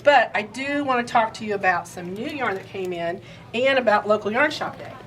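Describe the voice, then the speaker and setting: Indiana lady showing off her quilt shop, bright voice, rambly and chatty. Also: medium pitch, animated, fairly quick, a little hiss or hum. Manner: chatty, rambling, laughs easily. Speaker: quilt shop owner and host. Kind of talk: casual shop update chat.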